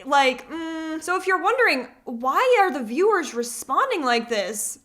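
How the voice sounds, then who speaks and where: A woman hosting reaction commentary, sarcastic and animated, quick to laugh at her own points. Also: high-pitched. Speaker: commentary host.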